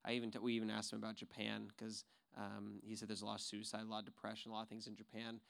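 A man leading a church group, who tells an excited testimony and then rallies the group with encouragement. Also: on the low side, very fast, vocal fry. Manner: excited storyteller, builds to rallying encouragement. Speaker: ministry leader. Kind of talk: testimony and exhortation.

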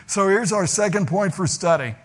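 A man with a notably high voice delivers a teaching sermon. He preaches with emphatic, deliberate phrasing and leans hard on the words he wants to stress. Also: slightly rough.

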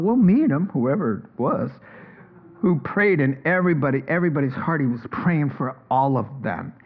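A man's voice: mid-range voice, gravelly, breathy edge, highs cut off. A man preaching a sermon in a conversational, folksy way.

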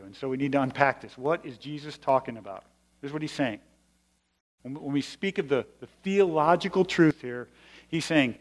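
A man's voice: medium pitch, normal speed. A male pastor giving a sermon in a conversational, explanatory way with emphatic stresses. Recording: long hall reverb.

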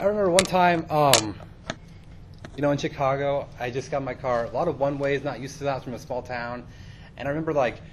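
A man's voice: medium pitch, a little hiss or hum. A man preaching in a casual storytelling way, chatty and self-deprecating with many fillers.

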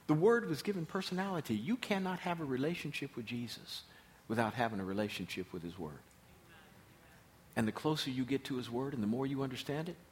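A man preaching a sermon as pastor, emphatic and repeating his key phrases. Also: medium pitch.

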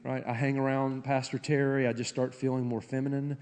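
A man with a Southern accent preaching a sermon as pastor, shifting from loud, high-pitched preaching to low, soft intensity. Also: level tone, a little fast. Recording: long hall reverb.

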